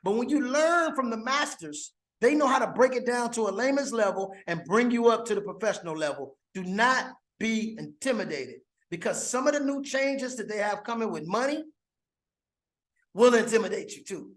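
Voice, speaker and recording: Excited, repetitive promoter voice. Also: mid-range voice, moderate pace. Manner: excited and repetitive, stacking phrases. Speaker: network marketing promoter. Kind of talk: enthusiastic testimonial monologue. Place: abroad on a trip.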